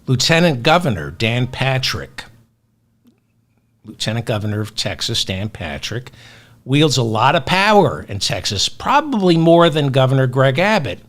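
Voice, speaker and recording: A man hosting a solo news commentary show, talking in a sardonic, indignant way with long pauses between phrases. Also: medium pitch, sing-song, a bit bright. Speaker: political commentary host.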